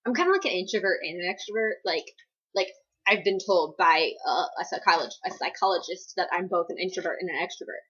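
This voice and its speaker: Husky young woman rambling on a vlog. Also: lowish voice, lively intonation, quick pace, fairly bright tone, highs cut off. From East Coast United States. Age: young adult. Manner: rambling, filler-heavy, self-deprecating. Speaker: vlogger answering viewer questions. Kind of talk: casual Q&A vlog.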